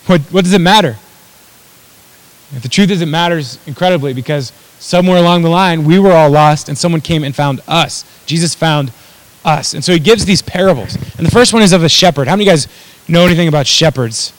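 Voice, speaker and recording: A man's voice: fairly high pitch, quick pace, dry recording, low-quality recording. A man preaching a sermon in a conversational, self-deprecating way, with asides to his audience. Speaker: pastor.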